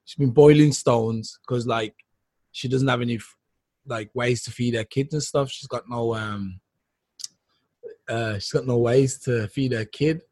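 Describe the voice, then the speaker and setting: A man's voice: mid-range voice, unhurried, a little mellow, breathy edge, no room sound. A man co-hosting a casual talk show, telling stories in a rambling way, restarting often and laughing through his words. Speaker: podcast co-host. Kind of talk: casual chat, storytelling.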